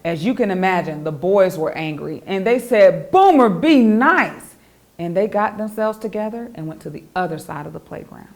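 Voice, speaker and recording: A woman, the author, reading her children's picture book aloud in an expressive, animated storytelling voice. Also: fairly low pitch, a little fast, vocal fry, few pauses.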